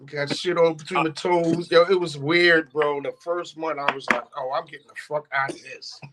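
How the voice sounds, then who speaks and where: High-voiced man telling profane, laughing stories. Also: normal speed, very noisy. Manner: profane, laughing often, animated quoting. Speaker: streamer. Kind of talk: casual storytelling chat.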